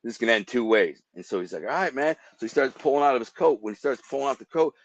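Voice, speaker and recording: Animated man telling dramatic stories. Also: mid-range voice, fast talker, no room sound, dull audio. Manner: vivid, acts out gunshots with sound effects. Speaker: guest telling life stories. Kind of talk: animated storytelling.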